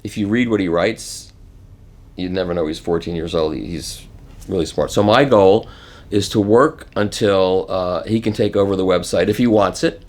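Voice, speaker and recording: A man in his seventies telling stories in an interview, animated and chuckling as he acts out other people's lines. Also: low voice, moderate pace. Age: 70s. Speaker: interview guest. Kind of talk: casual anecdotal storytelling.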